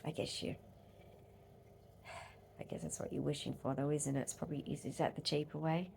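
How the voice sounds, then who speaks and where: An Australian woman vlogger and advocate in an angry rant, swearing hard and swinging between loud outbursts and low muttering. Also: fairly even intonation, brisk, creaky, a little hiss or hum.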